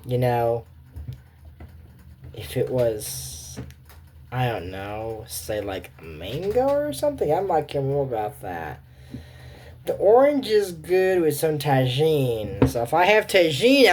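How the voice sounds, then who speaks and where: A woman's voice: rumbling low, sing-song, takes it slowly, darkish tone, a little hiss or hum. A woman giving rambling, digressive casual reaction commentary, often breaking off to move on to the next point. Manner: rambling, digressive, keeps saying "moving on".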